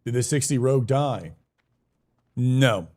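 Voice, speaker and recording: A man's voice: mid-range voice, animated, slow pace, a little mellow. A young man live-streaming a game, chatting casually, greeting viewers by name and swearing now and then in a hyped-up way.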